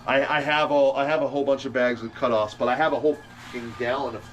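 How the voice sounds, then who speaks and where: Speaking quickly with a medium-pitched, steady voice, a man livestreams from his workshop while making fishing lures. He answers viewers' questions in a rambling way, often restarting sentences and swearing now and then, with soft music playing behind him.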